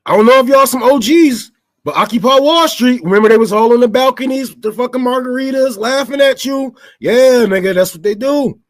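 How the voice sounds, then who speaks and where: Talking a little fast, a high-voiced man who hosts a show launches into an off-the-cuff political rant aimed right at his viewers. His delivery is profane and full of rhetorical questions, and he keeps tripping over repeated words.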